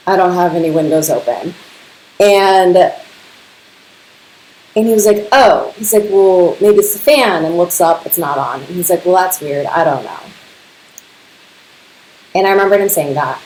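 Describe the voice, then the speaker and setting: A woman's voice: on the low side, expressive, measured pace, pauses often, darkish tone, slight background noise. A woman casually telling personal stories, chatty and laughing often, filling her talk with "like". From Serbian family. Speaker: podcast host. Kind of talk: casual storytelling. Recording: echoey room.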